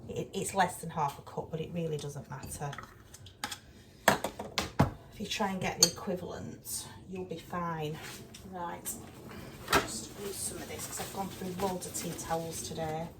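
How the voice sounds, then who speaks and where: Cooking in a cold home kitchen, a woman vlogger chats casually, exasperated and down to earth, her fairly low voice unhurried and fairly even, with frequent pauses. The mic is distant, and there's loud kitchen noise with dishes and pans clattering.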